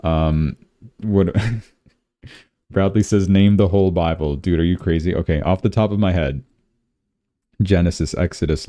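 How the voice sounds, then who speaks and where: A man's voice: sits low, mellow, no room sound, studio quality. A young man from Canada, hosting a crypto livestream in a rambling, casual way and often saying "dude".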